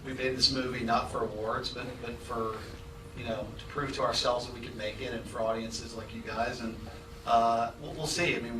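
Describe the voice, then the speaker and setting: A man's voice: medium pitch, noisy background. A man speaking for his film at a live festival Q&A, earnest and a little hesitant. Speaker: filmmaker on a festival panel. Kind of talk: live Q&A answer. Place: large cinema hall at a live event. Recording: echoey hall, distant mic.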